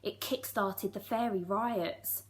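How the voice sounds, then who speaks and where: A woman's voice: mid-range voice, fairly even intonation, slow. A woman reading a storybook aloud. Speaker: primary school teacher.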